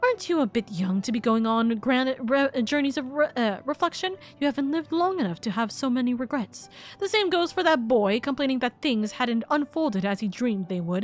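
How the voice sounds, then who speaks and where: A woman voicing a cranky, sharp-tongued old sorceress, reading game dialogue aloud and stumbling over some words. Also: a little high, natural voice.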